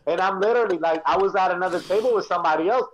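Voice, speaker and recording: Animated higher-voiced man telling stories. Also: rapid-fire, heavy background noise. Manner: animated storyteller who acts out the people in his stories. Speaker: guest. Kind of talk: casual chat.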